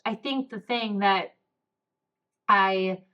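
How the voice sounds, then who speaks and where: A young woman talks through a heartfelt personal story on her podcast. Her voice sits at an ordinary middle pitch, and she speaks candidly with lots of "like" and "um" as her emotion rises near tears. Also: drawn-out words, dull audio. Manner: emotional, candid, many fillers like "like" and "um". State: close to tears. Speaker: podcast host.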